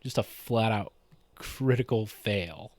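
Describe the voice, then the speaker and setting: Animated man retelling a game story. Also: on the low side, slow pace, no room sound. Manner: animated storyteller, quoting players, laughing. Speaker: streamer telling a game story. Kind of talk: casual anecdote retelling a tabletop game session.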